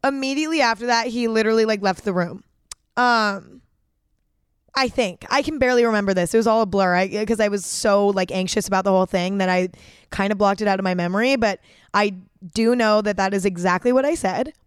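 A woman's voice: medium pitch, a little fast, clear, resonant tone, dry recording, clean studio sound. A young woman hosting a podcast and telling a personal story in a casual, chatty way, packed with fillers and frequent swearing. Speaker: podcast host.

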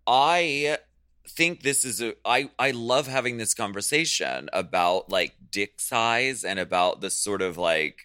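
A man co-hosting a podcast in casual chat, frank and animated, talking in "like"-filled runs. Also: fairly low pitch, a little slow, clean tone, no echo, studio quality. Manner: animated, frank, peppered with "like" and "fierce". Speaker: podcast co-host.

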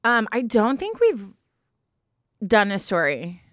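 A woman's voice: fairly high pitch, wildly swooping pitch, fairly bright tone, dry recording, studio quality. Emotional, dramatic young woman. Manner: emotional, dramatic storytelling, quick to laughs and tears. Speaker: podcast co-host. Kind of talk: casual chat.

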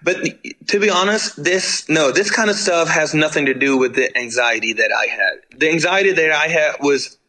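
A man's voice: on the high side, animated, moderate pace, pushed and bright, rough recording. A man, a touring band musician telling road stories as a guest in a casual interview, rambling with lots of fillers and the odd swear. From Germany.

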